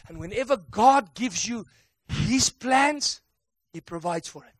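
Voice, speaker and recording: A man preaching a sermon with emphatic call-and-response delivery that builds to excited shouts. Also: high voice, measured pace, no echo.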